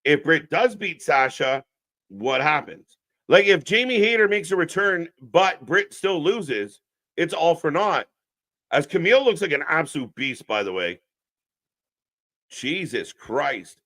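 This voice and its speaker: Speaking unhurriedly in a slightly high, bit-bright voice with lively intonation, a man runs a live wrestling watch-along stream. He chats with viewers, riffing sarcastically and bluntly, swearing a lot, in off-the-cuff alternative commentary.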